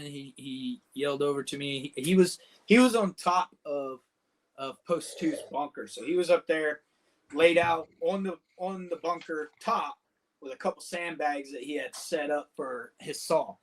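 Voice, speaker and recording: A man's voice: fairly high pitch, normal speed. A man and combat veteran, a podcast guest casually telling a war story in vivid, profane detail, full of "dude" and "man".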